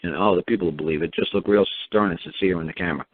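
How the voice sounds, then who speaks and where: A man with a low, deep voice riffs in a meandering monologue, mocking and sarcastic, stumbling over repeated words. The sound is narrow and phone-like. The recording is dry and close, with no room echo. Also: very fast. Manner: meandering, with frequent repeats and fillers. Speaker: talk show host. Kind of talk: rambling monologue.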